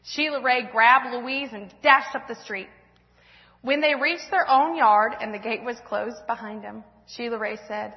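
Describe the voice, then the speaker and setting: High-voiced woman reading in an echoey church. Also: unhurried, vocal fry. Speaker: church speaker. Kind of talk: reading a children's storybook aloud to a congregation. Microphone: handheld or stand mic. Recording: echoey church hall, dull sound.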